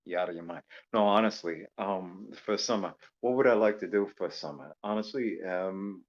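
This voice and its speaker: A man's voice: sits low, moderate pace, highs cut off. A man from Louisiana calling in to a stream, joking and rambling with lots of fillers. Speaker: caller. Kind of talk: casual call-in chat. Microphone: voice call microphone.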